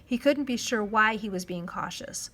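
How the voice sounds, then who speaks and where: A woman narrating a children's novel in a measured storytelling voice, dropping to a hush at times. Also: mid-range voice. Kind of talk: reading a children's novel aloud.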